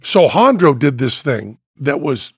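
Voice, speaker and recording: A man's voice: medium pitch, very animated, a little slow, creaky, slightly rough, no room sound, clean studio sound. An older man co-hosting a podcast in casual chat, telling stories, mimicking voices and laughing often. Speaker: podcast co-host.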